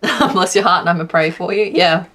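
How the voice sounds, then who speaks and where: A woman's voice: on the low side, fairly even intonation, moderate pace, a bit bright. An Australian woman from Western Australia chatting casually to her live-stream chat while crocheting, laughing often.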